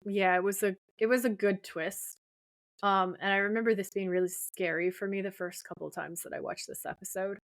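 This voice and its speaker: A woman's voice: mid-range voice, fairly even intonation, fairly quick, no room sound. A woman co-hosting a podcast, casually retelling a TV episode scene by scene and quoting the characters' lines. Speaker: podcast co-host.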